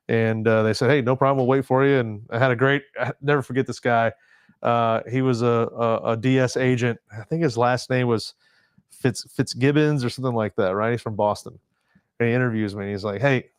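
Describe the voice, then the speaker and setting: A forties-aged Marine veteran guesting on a podcast meanders through his story in a casual interview, using fillers and restarts. His mid-range voice is clean, with no room sound, captured on a desk podcast mic at studio quality.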